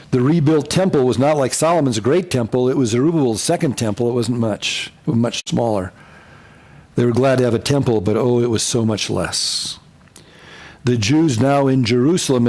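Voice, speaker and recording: A male pastor with a mid-range voice teaches a Bible survey class in a lively lecture. He repeats key points and sometimes acts out quotes in funny voices.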